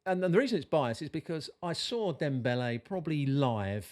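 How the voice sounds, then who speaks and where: An older man acting as a football pundit, speaking in a measured, explanatory way with frequent restarts. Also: fairly high pitch, expressive, a little mellow. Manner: measured, explanatory, repeats words when starting. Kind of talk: casual football discussion.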